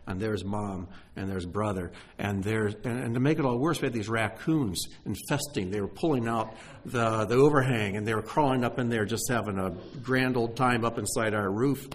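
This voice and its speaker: A middle-aged man preaching a sermon, emotional, swinging from hushed asides to exclaiming. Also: lowish voice, normal speed, few pauses. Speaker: pastor.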